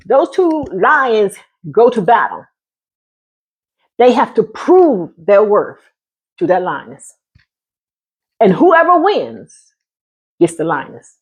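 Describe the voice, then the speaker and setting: A woman's voice: fairly high pitch, breathy edge. A woman talking casually to her viewers in a sassy manner, calling them honey and laughing often. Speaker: vlogger giving relationship talk.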